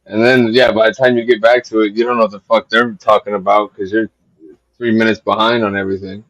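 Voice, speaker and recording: A man's voice: fairly low pitch, little pitch movement, quick pace, a bit bright, no room sound, muffled recording. A man hosting a casual livestream podcast, swearing freely and talking emphatically in long run-on stretches. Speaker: show host.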